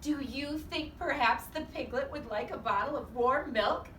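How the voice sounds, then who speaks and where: A woman's voice: high voice, normal speed, fairly bright tone, far from the mic, voice pushed up. A woman voicing a sweet, eager younger sister who is keen to help in a storybook read-aloud. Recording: echoey room, off-mic, faint hiss.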